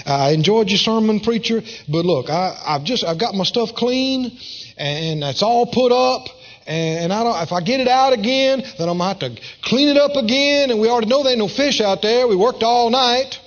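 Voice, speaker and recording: A man's voice: high voice, expressive. A man voicing a tired, reluctant fisherman who stammers and grumbles about heading back out, in a dull lo-fi recording. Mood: weary grumbling. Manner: weary, reluctant, halting.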